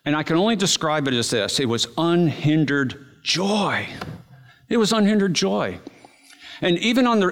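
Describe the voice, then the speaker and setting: A man preaching a sermon, telling a story with animated energy and dramatic slow-downs. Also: fairly high pitch, in a large hall. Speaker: pastor.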